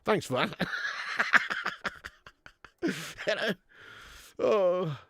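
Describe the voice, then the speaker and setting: A man's voice: sits high, lively intonation, very slow, gravelly. A man doing a live football watch-along, chatty and sweary, reading out viewer messages on a webcam mic.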